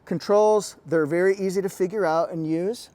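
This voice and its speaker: A man's voice: high-pitched, fairly even intonation, moderate pace, dark tone, slight background noise. A man giving a casual, jokey walkaround review from inside a parked car, talking into a lapel mic. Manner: chatty, quirky, jokey asides. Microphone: lapel mic pack.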